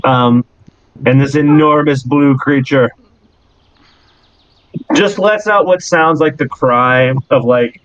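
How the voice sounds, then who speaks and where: A man's voice: medium pitch, slow pace, pauses often, a bit bright, smooth, no echo. A man running a tabletop game as game master, narrating descriptively with fillers and chuckles. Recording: dry, muffled lo-fi audio.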